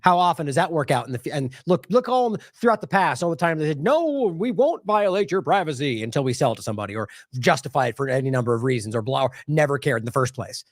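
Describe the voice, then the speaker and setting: A man's voice: mid-range voice, lively intonation, fast talker, hardly any pauses, no echo, studio quality. A man hosting an independent news show, commenting indignantly on clips with sarcastic asides.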